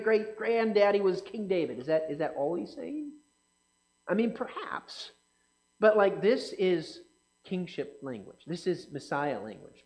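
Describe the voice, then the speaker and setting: A man's voice: high voice, rough recording. A man giving a conversational sermon, asking his listeners questions and acting out the people in the story. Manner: animated, asks the audience questions, acts out quotes. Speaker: pastor or Bible teacher. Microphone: speaking to a live group, slide on screen.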